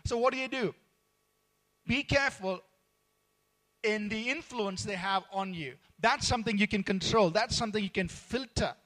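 A man's voice: high voice, moderate pace, pauses often, fairly bright tone. A man preaching in a conversational, earnest way, with frequent fillers and restarts. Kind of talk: sermon on workplace conduct.

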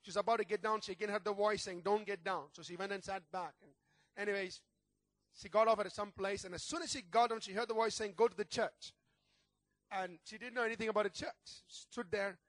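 A man with a notably high voice preaches a sermon as pastor. He tells his story earnestly and builds toward fervent prayer. The sound is dry and close, with no room echo. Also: fairly bright tone.

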